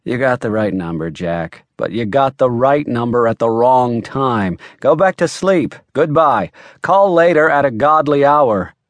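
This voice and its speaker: Guy doing a cranky sleepy private eye, gruff and wry, bouncy pitch. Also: expressive, measured pace, hardly any pauses, no room sound, close to an everyday voice. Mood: irritated. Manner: grumpy, wry. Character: groggy, gruff private eye woken too early.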